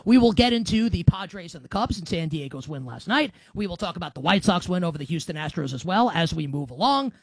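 A man in his thirties hosting a casual sports talk show, rambling and animated, full of "like" fillers. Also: high-pitched, fairly quick, creaky, hardly any pauses, dry recording. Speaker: podcast host.

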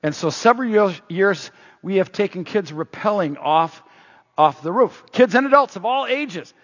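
A man preaching a sermon in an energetic, emphatic way, moving between loud stresses and quiet asides. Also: sits high, normal speed. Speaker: pastor. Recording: dull, echoing hall sound.

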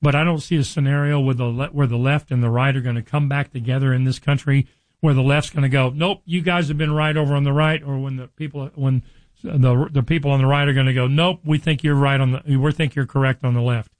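A man preaching a sermon, reading scripture slowly and explaining it in an earnest, conversational way to his listeners. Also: medium pitch, steady tone, no echo, rough recording. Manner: addresses listeners directly.

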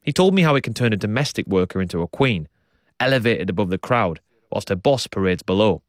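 A man presenting a radio documentary, narrating and describing what he sees in a calm, descriptive way. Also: lowish voice, a little fast, no echo. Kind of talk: documentary narration and on-site reporting.

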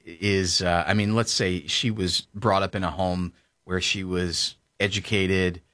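A man's voice: low voice, a bit bright, no room sound, clean studio sound. A man hosting a political talk radio show, chatting in an opinionated, bantering way.

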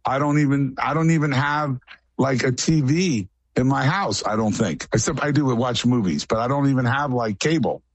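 A man's voice: mid-range voice, normal speed, no echo. A man guest in a casual radio interview, telling long, rambling stories in a matter-of-fact way.

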